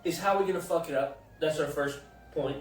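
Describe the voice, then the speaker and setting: A man hosting a casual sports chat, joking loudly and swearing freely. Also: on the high side, brisk, echoey room, recorded from a distance, faint music behind, low-quality recording. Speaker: podcast host.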